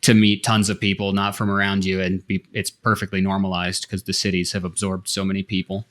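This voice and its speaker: A man's voice: low voice, level tone, brisk, a bit bright. A man co-hosting a podcast, explaining his thoughts at length in casual chat. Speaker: podcast co-host.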